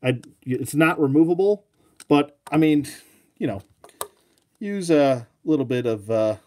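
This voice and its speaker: A man's voice: a little high, animated, a little slow, warm tone. Regular guy rambling thru a toy review, lots of ums, jokey and loose. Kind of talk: casual video review.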